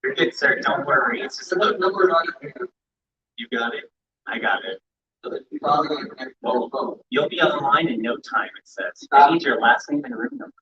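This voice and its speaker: A man's voice: mid-range voice, normal speed, pauses often, pushed and bright. A man emceeing a live convention, chatty and apologetic, stumbling over names as he calls out groups. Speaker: event emcee. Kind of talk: live event hosting. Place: large indoor convention hall. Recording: echoey hall, distant dull sound.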